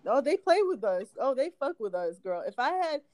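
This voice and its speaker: A woman's voice: sits high, big pitch swings, normal speed, a little mellow. Laughing woman telling a story. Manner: laughs often, easygoing storyteller. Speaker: podcast co-host. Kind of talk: casual storytelling.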